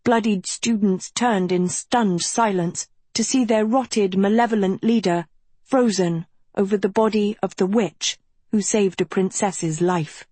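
A woman narrating a dark fantasy story in measured, dramatic storytelling. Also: medium pitch, husky, no room sound. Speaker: audiobook narrator. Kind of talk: scripted narration.

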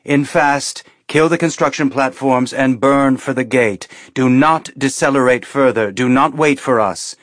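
A man's voice: mid-range voice, a little slow, few pauses, no echo, studio quality, lightly acted. A man voicing a decisive woman starship commander who gives clipped orders. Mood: commanding.

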